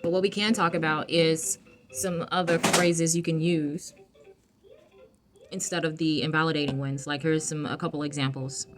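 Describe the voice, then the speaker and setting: A woman talking casually to her viewers, soft-spoken and reflective, with many fillers and restarts. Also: deep voice, fairly even intonation, normal speed, over music. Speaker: vlogger giving emotional wellness advice. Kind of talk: casual reflective talk to camera.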